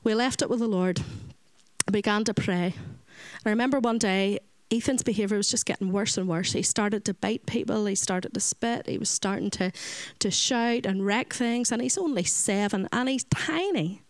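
A woman's voice: mid-range voice, moderate pace, dry recording, low-quality recording. A Northern Irish woman who runs a children's home, giving an earnest faith testimony and acting out the voices of the people in her story. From Northern Ireland. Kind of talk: personal faith testimony talk.

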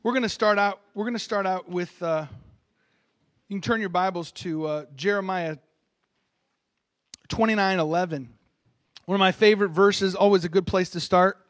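A man's voice: high voice, normal speed, long pauses. A man preaching a sermon as a visiting pastor in a church, emphatic, calling out for amens and often restarting his phrases. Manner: emphatic, calls for amens, repeats his starts.

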